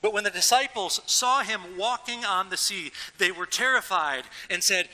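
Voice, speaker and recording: A man preaching a sermon as a pastor, in a casual, animated way with everyday slang, a father of young children. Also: high-pitched, moderate pace, long reverb tail, rough recording. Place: church.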